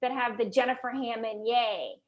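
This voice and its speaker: High-pitched woman guest, real estate radio host, animated storyteller. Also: moderate pace, muffled recording.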